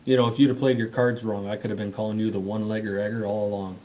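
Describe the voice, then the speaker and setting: A man's voice: fairly low pitch, level tone, racing, mellow, a little hiss or hum. A man co-hosting a radio show, chiming in with short teasing quips. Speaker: radio co-host. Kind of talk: casual banter on a radio show.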